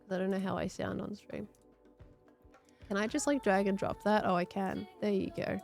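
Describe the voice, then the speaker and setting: A young woman talks casually into a desk mic during a livestream, her voice strained and slightly congested from overuse. She rambles warmly from one story to the next, at an ordinary middle pitch. Soft music plays faintly underneath. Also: steady tone, moderate pace, vocal fry. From Australia. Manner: chatty, rambling, thanks viewers between stories. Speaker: streamer.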